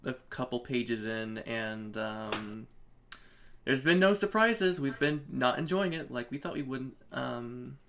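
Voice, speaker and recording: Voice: medium pitch, lively intonation, slow, fairly bright tone. Wry, sarcastic review co-host. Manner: wry, agreeing, sarcastic asides. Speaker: comic review stream co-host. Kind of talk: casual chat, reading stream chat.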